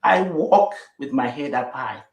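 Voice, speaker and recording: A woman's voice: a bass voice, expressive, a little slow, muffled recording, crowd noise. Emphatic woman in an echoey room. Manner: emphatic, repetitive, affirming. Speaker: guest. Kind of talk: interview conversation.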